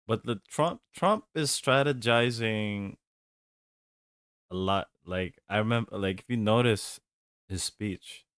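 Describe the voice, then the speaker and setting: Male game streamer, deep voice, slow rambling delivery, chuckles a lot. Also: fairly bright tone, clean tone, no echo, clean studio sound. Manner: rambling, laid-back, chuckles often. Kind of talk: casual gaming stream chat.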